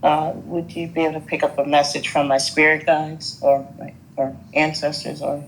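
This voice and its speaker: A woman's voice: deep voice, flat delivery, moderate pace, slight background noise, poor audio. A woman caller, new to the group, asking politely and hesitantly for a reading. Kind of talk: casual chat.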